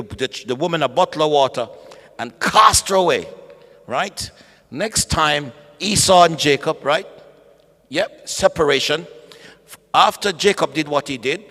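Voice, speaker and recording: Animated preaching man in an echoey hall. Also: fairly high pitch. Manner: animated, calls to the congregation, acts out voices. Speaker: pastor. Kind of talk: bible study preaching.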